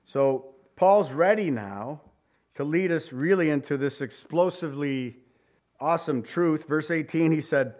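A man preaching a sermon, addressing the listeners directly, repeating key words and swinging from loud cries to hushed low emphasis. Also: a little slow.

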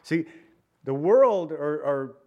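A middle-aged male pastor with a somewhat high voice delivers a sermon. He talks to the congregation conversationally and keeps turning to them with rhetorical questions. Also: lively intonation, takes it slowly, a little mellow, lo-fi sound.

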